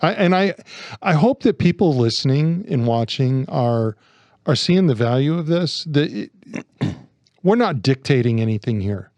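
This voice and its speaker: A man co-hosting a podcast who talks thoughtfully, haltingly, and often restarts his phrases. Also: medium pitch, animated, darkish tone, dry recording. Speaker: podcast co-host. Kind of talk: casual discussion.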